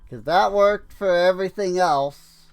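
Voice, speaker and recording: A man's voice: high voice, unhurried, smooth, soft background music. A man streaming a game, musing and wry as he talks through his play with frequent fillers. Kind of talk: game commentary.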